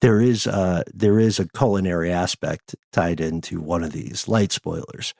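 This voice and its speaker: A man hosting a podcast, explaining things in a measured, wordy way with frequent filler words. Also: low-pitched, vocal fry, darkish tone, dry recording, studio quality. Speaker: podcast host. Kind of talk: casual podcast chat.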